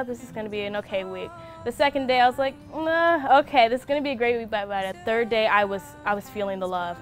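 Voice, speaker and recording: Chatty woman sharing her story. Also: medium pitch. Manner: chatty, animated storytelling with quoted thoughts. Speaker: former summit participant. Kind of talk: testimonial interview.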